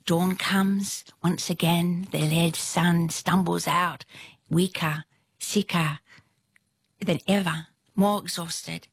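A woman's voice: on the low side, steady tone, takes it slowly, creaky, breathy edge, no room sound. A woman telling a folktale aloud in a dramatic way, often dropping to a whisper for suspense. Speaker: storyteller. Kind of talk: oral folktale storytelling.

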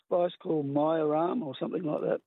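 A man's voice: fairly high pitch, fairly even intonation, a little fast, no echo. Chatty Australian male caller on phone. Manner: chatty, hesitant, many fillers. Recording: tinny phone line.

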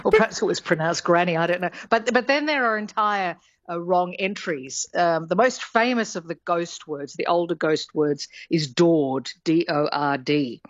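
A woman's voice: lowish voice, normal speed, no room sound, lo-fi sound. A woman, a linguistics professor, explains words on a radio show in a chatty way, with fillers and little laughs. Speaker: linguistics professor, guest expert.

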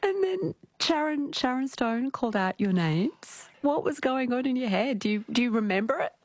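A woman, hosting an interview and asking measured, thoughtful questions. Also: sits high, expressive, dry recording. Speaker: radio interview host.

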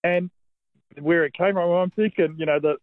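High-voiced Australian caller on a phone line. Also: male voice, fairly even intonation, normal speed, no echo. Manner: easygoing, joking, hesitant.

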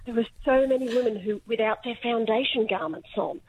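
A woman voicing her posh, prim elderly grandmother in a hushed, appalled tone. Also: fairly high pitch, fairly even intonation, fairly quick, close to an everyday voice, poor audio.

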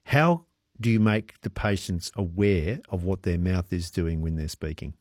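Man radio host, halting questions. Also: low voice, a little mellow, dry recording, clean studio sound. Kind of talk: radio interview.

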